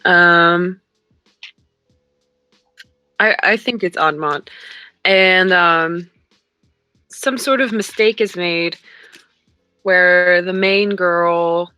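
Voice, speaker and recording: A young adult woman co-hosting a podcast, retelling a book in casual chat with hesitant pauses and many ums. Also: lowish voice, sharp tone, clean tone, dry recording, faint music behind. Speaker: podcast co-host.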